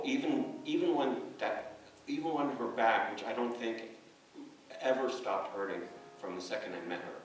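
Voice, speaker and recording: Rambling man in an echoey hall. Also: fairly low pitch. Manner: rambling, hesitant, anecdotal with frequent fillers. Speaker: neighbor giving a eulogy. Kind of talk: memorial speech. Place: church memorial service. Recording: echoey hall, distant mic, soft music.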